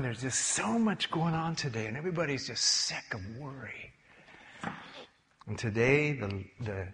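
An older man preaching a sermon, telling stories in a lively way and acting out the characters. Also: mid-range voice. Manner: animated storytelling, acts out voices. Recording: long hall reverb.

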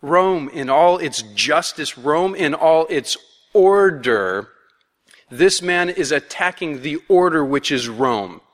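A man's voice: fairly high pitch, lively intonation, takes it slowly. Conversational male preacher in a reverberant hall. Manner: conversational, playful, acts out voices. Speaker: pastor. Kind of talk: expository sermon.

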